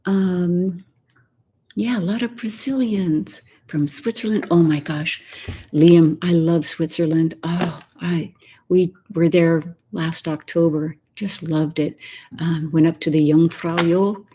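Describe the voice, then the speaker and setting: An older woman hosting a soft-spoken ASMR live chat from her home, greeting viewers and often slipping into a whisper. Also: on the low side, fairly even intonation, slightly rough. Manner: soft and unhurried, slipping into whispers while reading viewer comments. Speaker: ASMR host. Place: home, Texas.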